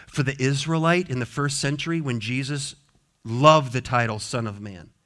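A man with a mid-range voice preaches at a moderate pace as a pastor, moving back and forth between gentle consolation and insistent, repeated proclamations.

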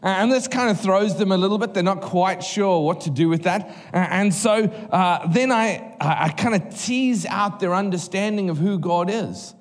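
A man preaching a sermon in church, telling stories in a lively, conversational way. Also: high voice, moderate pace, hardly any pauses. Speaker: guest preacher. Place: church hall. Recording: live hall reverb with faint music.

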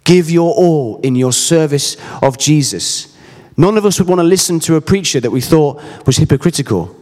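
A man's voice: a little high, expressive, moderate pace, darkish tone, big-room sound. A man in his thirties preaching a sermon, earnest and emphatic, mixing scripture with personal stories. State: briefly emotional.

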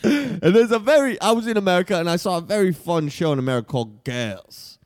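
A brash, crude Australian man pitches a television show with blunt, offensive swagger, as a man puts him on for an improv bit. His voice sits high and is recorded close and dry, with no room around it. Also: lively intonation, moderate pace, no echo. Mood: boastful. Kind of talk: improvised comedy role-play.

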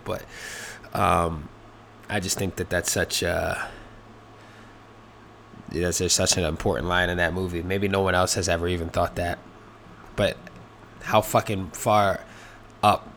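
A man's voice: fairly low pitch, a bit bright, a little hiss or hum. A man hosting a casual solo podcast, rambling and swearing freely, with many fillers and restarts. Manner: rambling, profane, lots of fillers. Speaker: podcast host.

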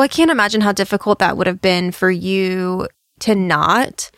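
A woman's voice: mid-range voice, fairly bright tone, no room sound, studio quality. A woman hosting a casual conversation, asking questions in a supportive, reflective way. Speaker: host.

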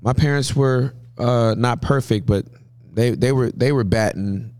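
A man in his forties from Southern California, a pastor telling stories as a guest in an interview, with a humorous, lively manner. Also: mid-range voice, unhurried, no room sound. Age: 40s. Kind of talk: interview storytelling.

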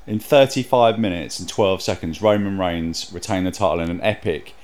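A man's voice: low voice, normal speed, darkish tone. A man hosting a wrestling review podcast, exasperated and swearing, repeating himself as he vents. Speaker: podcast host. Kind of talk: heated wrestling review chat.

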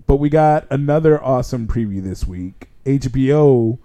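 A man's voice: mid-range voice, expressive, moderate pace, dark tone. A man hosting a podcast in casual chat, joking, swearing freely and laughing often. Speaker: podcast host.

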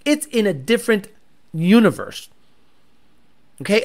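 Animated man riffing on car talk. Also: high-pitched, measured pace, pauses often. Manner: animated, blunt and profane, gets excited over engines. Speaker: automotive channel host. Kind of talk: casual livestream chat, reading viewer comments.

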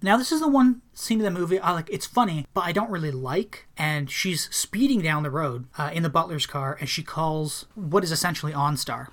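A man's voice: on the high side, a little fast, few pauses, a bit bright. A man casually recapping a film on a podcast he co-hosts. He laughs often as he talks and now and then acts out the characters' lines. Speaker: podcast co-host. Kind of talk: casual movie recap chat.

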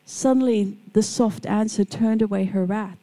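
A middle-aged woman gives a devotional talk, her voice gravelly with a mellow, darker tone. She tells personal stories in a warm, gentle way and briefly acts out the people in them. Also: mid-range voice, steady tone, normal speed, rough recording. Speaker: Christian speaker.

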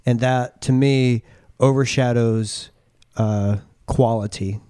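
Mellow man explaining in measured pauses. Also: mid-range voice, steady tone, clean tone, no room sound, clean studio sound. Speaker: podcast co-host. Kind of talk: casual podcast chat.

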